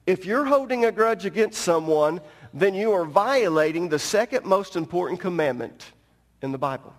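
A man's voice: sits high, lively intonation, moderate pace, big-room sound. A pastor preaching a sermon from the pulpit, teaching emphatically and speaking straight to his congregation. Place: church sanctuary at the pulpit.

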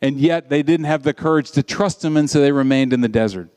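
A man preaching a sermon in an animated, conversational storytelling way. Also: mid-range voice, brisk, hardly any pauses, clean tone.

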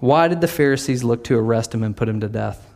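A male pastor delivering a casual, conversational sermon. His mid-pitched voice has a gravelly edge. He often slips into the voices of the people in his story. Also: fast, a little mellow. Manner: conversational preaching, acts out quoted voices.

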